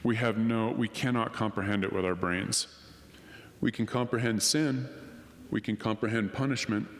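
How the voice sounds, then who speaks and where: A man's voice: fairly low pitch, moderate pace. Earnest man in an echoing hall. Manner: earnest and emotional, quoting others in lively voices. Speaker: conference speaker. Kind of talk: personal testimony talk. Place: conference hall. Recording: long reverb of a hall.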